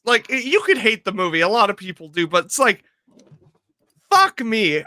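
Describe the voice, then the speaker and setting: A man's voice: very high-pitched, sharp tone, no room sound. A man co-hosting a casual podcast, telling rambling, profane stories. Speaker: podcast co-host. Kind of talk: casual chat.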